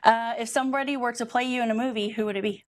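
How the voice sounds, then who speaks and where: A woman hosting a quick-fire interview, cheerful and giggly. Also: a little high, fairly even intonation.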